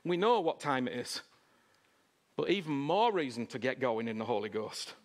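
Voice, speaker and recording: A man delivers a sermon, repeating phrases and calling out "Huh?" to the crowd. His delivery alternates between loud, raised lines and quiet, hushed ones, with big swings in pitch at a normal speed.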